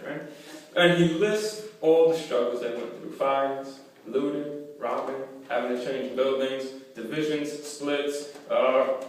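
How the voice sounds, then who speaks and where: A man preaching a sermon as pastor. He swells to loud emphatic peaks, drops to quiet endings, and speeds up for storytelling asides. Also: fairly high pitch. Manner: slow deliberate phrasing on key lines, quick asides when storytelling. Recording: echoey church hall, mic at a distance.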